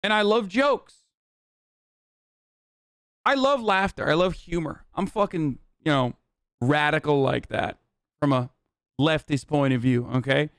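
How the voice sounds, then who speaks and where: Profane, animated male streamer. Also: on the high side, unhurried, long pauses, clear, resonant tone, no room sound, clean studio sound. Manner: animated, profane, laughs often. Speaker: streamer host. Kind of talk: casual reaction commentary.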